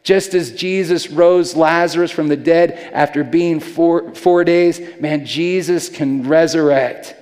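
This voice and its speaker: A man's voice: on the high side, slow, few pauses, a little mellow. A man preaching a sermon as a pastor, talking in a casual, earnest way and often repeating words as he goes. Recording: long hall reverb.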